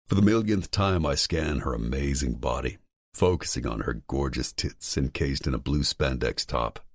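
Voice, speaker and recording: A man narrating a romance audiobook in the first person, in a relaxed, intimate, expressive way. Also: extremely low pitch, normal speed, no echo, studio quality.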